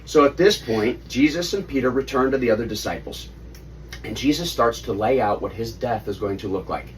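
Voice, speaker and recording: A man in his thirties retelling a story to his children at home, animated and stopping to quiz them. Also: medium pitch, brisk, slight background noise. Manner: animated, asks kids questions. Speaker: father leading family Bible study. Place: family home. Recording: distant mic, faint room ambience.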